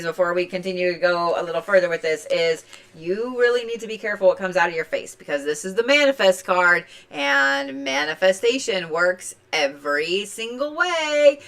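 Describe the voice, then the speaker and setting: A woman from Oklahoma with a slight Oklahoma accent, giving a chatty, playful zodiac reading on a live stream, swinging between loud and soft. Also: a little high. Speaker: tarot and zodiac reader. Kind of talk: casual livestream reading.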